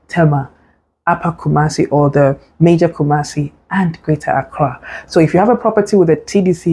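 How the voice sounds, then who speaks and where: A woman's voice: low-pitched, mellow, husky. A woman, a property advisor telling a story and giving earnest, instructive advice. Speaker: real estate advisor. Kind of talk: advice talk to camera.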